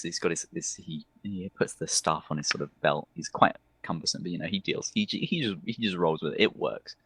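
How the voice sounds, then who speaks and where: A man's voice: low-pitched, fairly bright tone, husky, no echo. A man narrating a tabletop game as game master in a rambling, hesitant way, often restarting.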